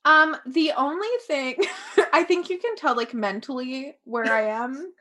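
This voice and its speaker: A woman's voice: high voice, measured pace, bright, forceful tone. A young woman from Canada co-hosting a podcast, bantering playfully and giggling often. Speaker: podcast co-host. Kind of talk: casual chat.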